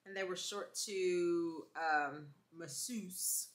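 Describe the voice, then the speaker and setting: A woman co-hosting a couple's vlog, chiming in with teasing, expressive comments on a shared story. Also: on the low side, extremely slow. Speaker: vlog co-host. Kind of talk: casual chat.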